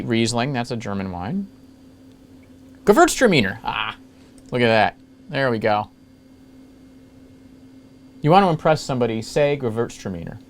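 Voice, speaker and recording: Man host, offhand and self-mocking, mid-range voice, light hiss behind. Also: medium pitch. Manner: jokey, rambling, self-mocking asides. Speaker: retro computing video host. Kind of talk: casual screen-capture walkthrough.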